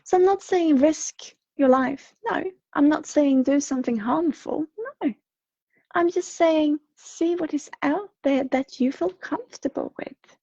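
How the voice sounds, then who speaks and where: A woman with a Swedish accent speaking on a livestream, slightly unwell, talking gently and rambling with many fillers and soft laughs. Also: high-pitched, measured pace, vocal fry, dry recording, lo-fi sound. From Sweden. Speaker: intuitive reader on a livestream. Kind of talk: livestream message reading and chat. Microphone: home streaming microphone.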